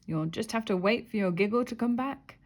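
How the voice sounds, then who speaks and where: A woman voicing a brisk, matter-of-fact male doctor in a children's story. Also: on the high side, lightly acted.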